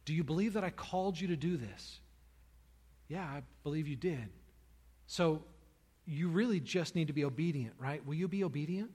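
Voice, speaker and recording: A man preaching a sermon as pastor, telling a personal story earnestly and building to loud, emphatic peaks. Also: a little high, normal speed, slightly rough, big-room sound.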